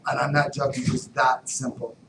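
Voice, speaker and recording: A man giving a motivational talk, telling stories animatedly, dropping to whispers and then bursting out loud. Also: mid-range voice, level tone, brisk, creaky, slight background noise. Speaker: motivational speaker. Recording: roomy distant mic with background ambience.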